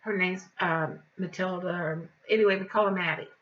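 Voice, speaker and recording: Woman, older, vlogger, casual storytelling, indignant, animated, bright tone, muffled lo-fi recording. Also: fairly low pitch, moderate pace.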